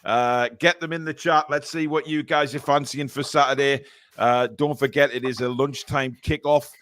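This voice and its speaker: A man's voice: mid-range voice, fairly even intonation, normal speed, fairly bright tone, dry recording. A man in a middle register hosts a chatty football podcast. He talks bluntly and with strong opinions, and breaks off now and then to read viewers' messages aloud. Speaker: podcast host. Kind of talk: casual fan podcast chat.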